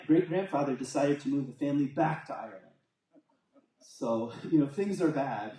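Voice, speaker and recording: Male teacher at a spiritual community, casual rambling storyteller with a mellow tone, recorded from a distance in a reverberant hall. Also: medium pitch. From United States. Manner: casual, rambling storytelling with fillers and self-corrections. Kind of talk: storytelling talk to a congregation. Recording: echoey hall, voice from far off.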